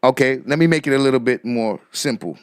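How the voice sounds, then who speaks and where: A man hosting casual live commentary, repeating rhetorical questions to his viewers and shouting out people in the chat. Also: mid-range voice, fairly quick, no room sound, clean studio sound. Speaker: commentary streamer.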